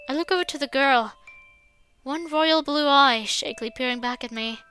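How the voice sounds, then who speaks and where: A woman reading a visual novel aloud in expressive first-person narration. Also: high voice, normal speed, soft background music.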